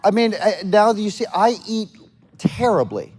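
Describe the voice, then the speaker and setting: A man co-hosting a live comedy podcast on stage, cutting in with quick, teasing remarks. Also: high voice, big pitch swings, darkish tone. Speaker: podcast co-host. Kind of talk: comic banter on a live stage show.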